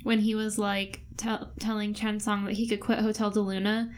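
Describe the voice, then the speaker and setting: A woman's voice: mid-range voice, little pitch movement, moderate pace. A woman co-hosting a podcast, chatting and laughing as she recaps a TV show. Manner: giggly, chatty, quotes characters. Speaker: podcast co-host. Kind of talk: casual chat recapping a TV show.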